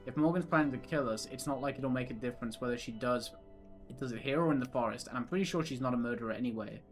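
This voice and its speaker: Over faint background music, a young man with a mid-range voice talks fast as he streams a visual novel. He narrates its lines and chats in a giggly, rambling way, swearing casually.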